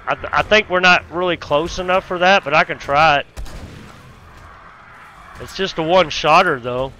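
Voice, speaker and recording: A man giving casual let's play commentary while fighting a zombie horde, with loud cursing exclamations and folksy grammar. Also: a little high, normal speed, slight background noise. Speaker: gaming YouTuber.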